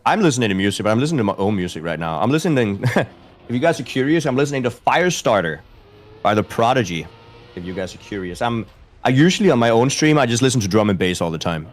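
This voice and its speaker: A man in his thirties with a light Danish accent chats casually on a game stream, answering his chat. His mid-range voice is sing-song and he talks fast, coming across as easygoing, chatty, and self-deprecating.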